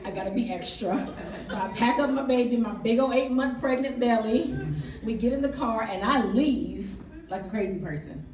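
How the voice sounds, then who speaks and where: A woman's voice: on the high side, moderate pace, a little mellow. A woman, telling a candid, humorous story to a live audience at a book event. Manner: candid, humorous, testifying, calls for audience response. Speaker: author and speaker. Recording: echoey hall, distant mic, audience.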